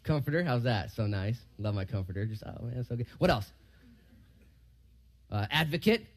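A man, a pastor, giving a casual verse-by-verse sermon in a church hall. He questions the room and moves from loud emphasis to quiet asides. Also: lively intonation, moderate pace. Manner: conversational, asks the room questions, rises loud for emphasis and drops low for asides.

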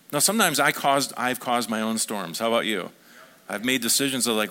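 A man's voice: a little high, animated, brisk, sharp tone. A man preaching a sermon as a pastor, talking conversationally and asking the congregation questions.

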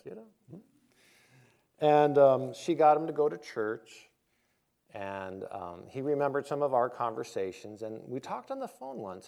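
On the high side and a little mellow, this pastor's voice carries a conversational sermon. After a personal story in which he performs the quoted voices, he reads from scripture.

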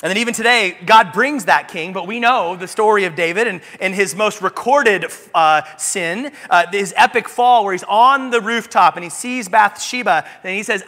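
A man preaching a sermon as pastor in a church, telling stories in an animated, humorous way. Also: high voice, moderate pace, few pauses. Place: church sanctuary. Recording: long church reverb.

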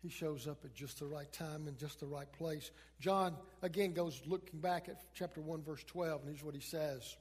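A high-pitched male pastor preaching in a husky voice. His sermon swings between emphatic peaks and hushed passages. The voice rings with the long reverb of a large hall. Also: moderate pace, hardly any pauses.

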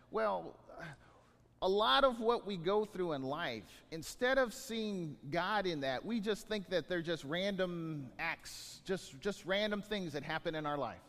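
Animated high-voiced pastor preaching. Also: male voice, measured pace, in a large hall. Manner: animated, repeats words, acts out scenes. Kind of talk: sermon.

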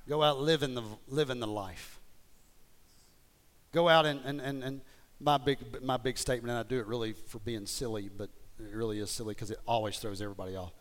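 A man preaching a sermon as pastor, moving between hushed whispers and loud, fervent exhortation, repeating phrases and stumbling over restarts. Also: medium pitch, steady tone, brisk.

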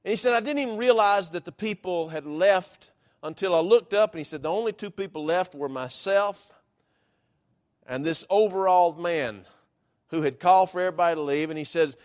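Male preacher, high voice, folksy deliberate sermon storytelling. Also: a little mellow.

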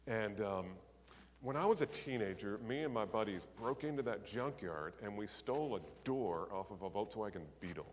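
A man preaching, telling an anecdote in animated storytelling style and acting out the characters' lines. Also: lowish voice, normal speed, long reverb tail. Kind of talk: sermon storytelling.

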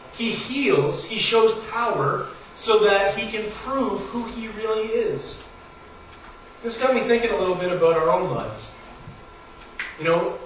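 A pastor preaching a sermon. He tells stories in a casual, conversational way and pushes his emphasis higher as he builds each point. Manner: storytelling, conversational with rising emphasis. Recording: very echoey hall, voice from far off, faint noise.

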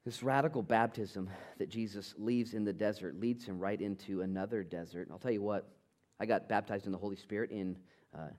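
A middle-aged man preaching a sermon as pastor, swinging from loud emphasis to soft, intimate tones. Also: on the low side, moderate pace. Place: church sanctuary.

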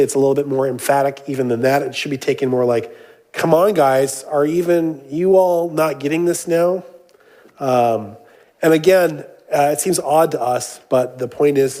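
A man's voice: medium pitch, a little fast, warm tone. A man preaching a sermon, reading scripture aloud and then explaining it in a casual way, with frequent "uh" and "um" fillers and jokes mixed in. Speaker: pastor.

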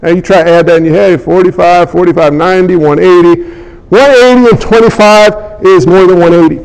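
A middle-aged man giving a humorous sermon, telling animated stories and acting out the people in them. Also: high-pitched, a little fast, clean tone, in a large hall, poor audio. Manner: animated storytelling, acts out characters. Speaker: preacher.

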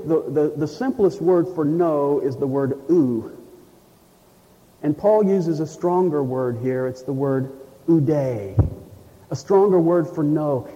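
A man preaching a sermon, emphatic, slowing down to read scripture. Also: a little high, warm tone. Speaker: pastor. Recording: dull, lo-fi sound with long reverb in a hall.

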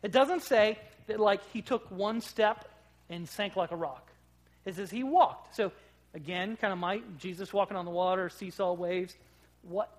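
Conversational preacher with big swings. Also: medium pitch. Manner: conversational, rhetorical questions, swings loud to quiet. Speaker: pastor. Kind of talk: sermon.

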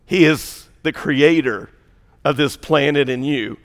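A high-voiced male pastor delivers an impassioned sermon, swinging between ringing emphasis and hushed, near-whispered passages. His voice carries into a large hall with a long reverb tail. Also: takes it slowly.

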